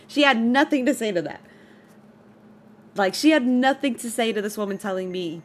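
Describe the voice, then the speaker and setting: A young adult woman streaming to her chat, telling a story in an exasperated, animated rant and laughing as she vents. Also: a little high, moderate pace, pauses often, soft background music.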